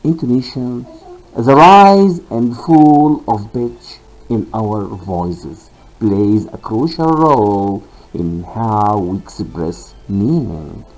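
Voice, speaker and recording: A man teaching a pronunciation lesson, reading short sentences with exaggerated rises and falls of pitch for listeners to repeat. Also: animated, darkish tone, rough recording. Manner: slow, exaggerated rises and falls to model intonation. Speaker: linguistics teacher.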